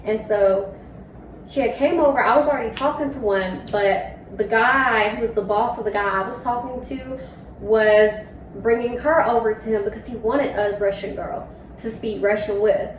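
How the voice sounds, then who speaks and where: A woman's voice: fairly high pitch, normal speed. A young woman co-hosting a casual vlog. She tells stories in a chatty way, full of fillers. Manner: chatty storyteller with lots of fillers. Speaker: co-host friend. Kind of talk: casual chat. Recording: roomy echo, from far off, faint noise.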